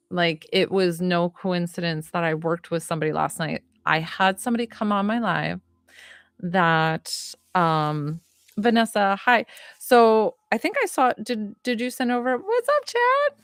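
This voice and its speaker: A woman hosting a psychic livestream, chatting casually and excitedly, rambling and greeting viewers by name while still catching her breath. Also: on the low side, clear, resonant tone, dry recording, studio quality. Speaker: psychic medium livestream host.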